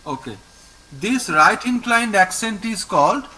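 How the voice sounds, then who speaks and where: A high, bright male voice with an Indian English accent, taking his time and repeating every word for a student. He talks in a lively, rising-and-falling way over a video call, with faint background noise. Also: rough recording. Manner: patient, repeats each word slowly for the student. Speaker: French teacher. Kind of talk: online language lesson.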